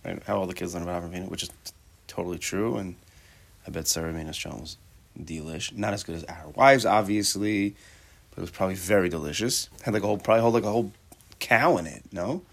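A man's voice: low voice, quick pace, creaky. A man teaching a Torah class, talking casually, mixing Hebrew terms into his English and tossing out rhetorical questions and joking asides to his students.

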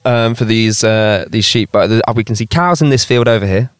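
A British podcast host, recording outdoors on a hillside, has a lowish, clean voice and talks briskly. He jokes casually and spins silly tall tales with a deadpan delivery. The sound is dry and studio-clean.

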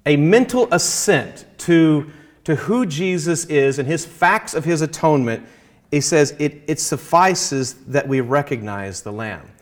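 A man in conversation, earnestly explaining his Christian faith and quoting scripture, slowing down to stress key phrases. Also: fairly high pitch, lively intonation. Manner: quotes scripture, halting restarts. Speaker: Christian guest speaker.

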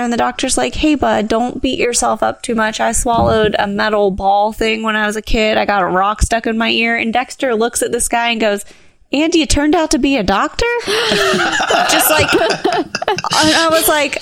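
Gravelly-voiced woman telling a story. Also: fairly high pitch, no echo. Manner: animated, laughing, acts out quotes. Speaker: podcast co-host. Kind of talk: casual storytelling chat.

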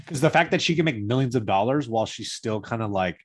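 Slangy excitable man, lively pitch. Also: fast. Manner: slangy, excitable, says bro a lot. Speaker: podcast co-host. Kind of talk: casual chat.

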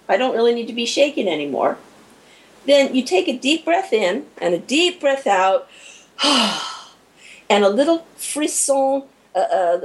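A woman guest in an interview, explaining in a lively way and acting out small quoted moments as she goes. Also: sits high, rough recording. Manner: animated, acts out little scenes with quoted inner voices. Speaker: guest expert on shock and recovery.

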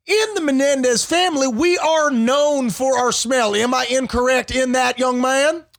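A man's voice: extremely high pitch, moderate pace, vocal fry, fairly bright tone, no room sound, studio quality, pitched above the performer's own voice, exaggerated voice. A man playing a pompous, old-fashioned male defense lawyer who talks in folksy rural sayings, in an improvised comedy bit. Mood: smug. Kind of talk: improvised comedy role-play.

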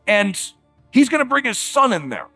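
A man preaching a sermon, emphatic and conversational, slowing down for dramatic words and dropping quiet at times. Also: very high-pitched, breathy edge, faint music behind. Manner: animated, emphatic, with dramatic slowdowns and quiet drops; conversational fillers like "like" and "uh".

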